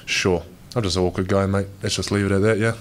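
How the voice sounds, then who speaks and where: A young man with a New Zealand accent talks casually to reporters at a press event. His voice is very low, and he rambles loosely, saying "mate" over and over. There is faint background noise behind him. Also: steady tone, fast. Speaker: pro basketball player. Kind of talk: media day press interview.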